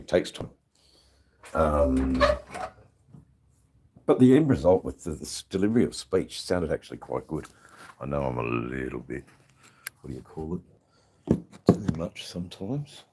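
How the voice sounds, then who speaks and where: A man's voice: extremely low pitch, warm tone, a little hiss or hum. An Australian man hosting a livestream in casual chat, rambling and hesitant, swearing freely. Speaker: livestream host.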